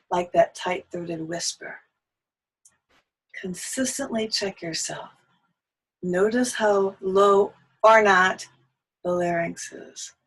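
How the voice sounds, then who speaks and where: A woman teaching a singing lesson, speaking gently and breaking into soft sung lullaby phrases. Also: mid-range voice, takes it slowly, pauses often, breathy edge, rough recording.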